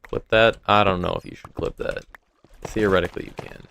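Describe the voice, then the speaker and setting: A man's voice: low voice, fairly even intonation, fairly quick, creaky, a bit bright, slight background noise. A young man live streaming a game, chatting loosely with his viewers and a sore throat. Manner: rambling, talks to chat between game tasks. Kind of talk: casual live-stream chat while gaming. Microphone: desk mic with noise gate.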